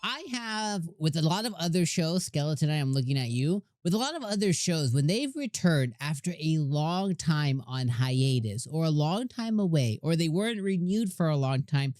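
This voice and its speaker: A man hosting an anime channel, giving casual reaction commentary in an excitable, gushing way with lots of rambling restarts. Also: on the high side, normal speed, few pauses, dry recording, studio quality. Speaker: anime reviewer and channel host.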